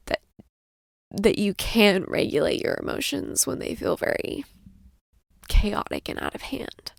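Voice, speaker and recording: A young adult woman hosting a casual podcast, rambling and soft-spoken, restarting her sentences often. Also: medium pitch, vocal fry, dry recording, clean studio sound. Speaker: podcast host, mother. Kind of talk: casual chat.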